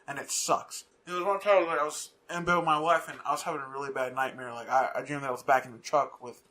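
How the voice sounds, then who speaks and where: A man co-hosting a casual podcast, telling a story in a rambling, profane way with halting restarts. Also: mid-range voice, steady tone, pushed and bright. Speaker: podcast co-host.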